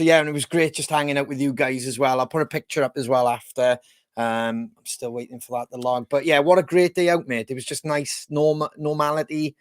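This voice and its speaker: Over a video call, a Welsh podcast co-host chats in a rambling, easygoing way with lots of fillers. His medium-pitched voice has a clean tone, and the studio-quality recording has no room sound.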